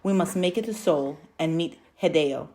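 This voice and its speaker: A woman reading a storybook, voicing a tired, patient mother who speaks calmly and firmly. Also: sits low, moderate pace, natural voice. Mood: weary.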